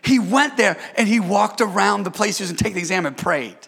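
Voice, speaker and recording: Male preacher, high gravelly voice, call-and-response sermon, playful asides. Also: fast talker, fairly bright tone, a little hiss or hum. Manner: playful, joking with the congregation.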